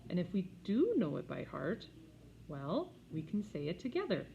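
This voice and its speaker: A woman's voice: on the low side, huge pitch swings, normal speed, slight background noise. A woman voicing a harried young mother who coaxes a room of small children, growing tired, on a slightly dull recording. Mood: coaxing. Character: harried young mother, patient but strained.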